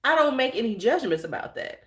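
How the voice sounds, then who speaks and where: A woman's voice: a little high, fairly quick, roomy sound. Blunt, profane woman chatting live. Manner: blunt, profane, animated storyteller; reads and answers viewer chat. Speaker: channel host. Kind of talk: casual livestream chat.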